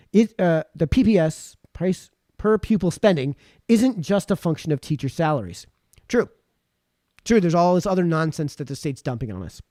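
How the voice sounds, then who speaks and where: Chatty high-voiced man hosting a live stream. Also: no room sound. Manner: chatty, rambling, animated. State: sore throat after hours of talking. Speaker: livestream host. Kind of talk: casual live talk reading viewer comments.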